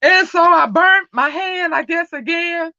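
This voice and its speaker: A woman's voice: very high-pitched, unhurried, sharp tone, no echo, dull audio. A woman hosting a casual livestream, chatting with viewers and telling stories with frequent laughter. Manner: chatty storyteller who laughs often. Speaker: livestream host.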